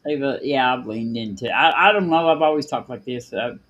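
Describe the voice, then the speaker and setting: A man's voice: medium pitch, a little fast, fairly bright tone, highs cut off. A man from Kentucky with an Appalachian hillbilly accent, chatting casually and a bit hesitantly as host of a group call. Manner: folksy, hesitant, lots of fillers. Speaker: streamer hosting a birthday call.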